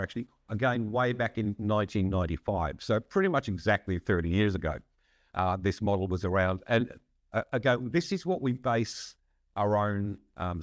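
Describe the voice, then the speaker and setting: Podcast guest: man, lowish voice, measured explainer, dry close sound. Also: dry recording. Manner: measured, frequent "um" and restarts, occasional laugh. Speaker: psychologist and consultant, podcast guest. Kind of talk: conversational expert explanation.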